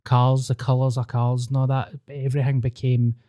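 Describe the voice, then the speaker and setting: Mellow-voiced Scottish man telling stories. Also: mid-range voice, completely flat delivery, normal speed. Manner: sweary, storytelling. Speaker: podcast host. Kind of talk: casual chat.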